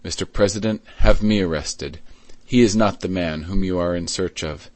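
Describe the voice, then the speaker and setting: A man reading an audiobook, voicing a white-haired mayor who speaks gently but with firm authority. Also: low voice, normal speed, dry recording, lightly acted. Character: calm white-haired male mayor confessing his past.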